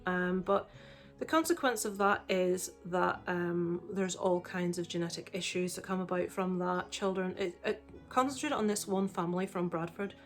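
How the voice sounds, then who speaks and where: A woman's voice: lowish voice, normal speed, faint music behind. A woman casually reviewing the films she watched this week, chatty and candid, with frequent fillers. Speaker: film reviewer.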